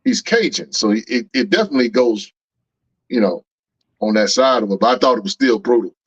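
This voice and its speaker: A man's voice: medium pitch, lively intonation, fairly quick, husky, no echo. A man co-hosting a comics podcast in casual chat, who often repeats phrases as he builds a point. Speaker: podcast co-host. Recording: dull lo-fi mic.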